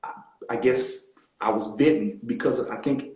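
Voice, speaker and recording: A man being interviewed as an actor on a live video call, telling stories in a relaxed, animated way with plenty of fillers. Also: medium pitch, moderate pace, echoey room, rough recording. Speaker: guest actor. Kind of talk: casual interview storytelling.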